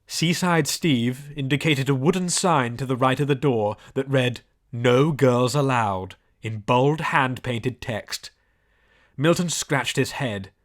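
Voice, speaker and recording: A man's voice: mid-range voice, unhurried. Male audiobook narrator. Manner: lively, descriptive storytelling. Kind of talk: scripted storybook narration.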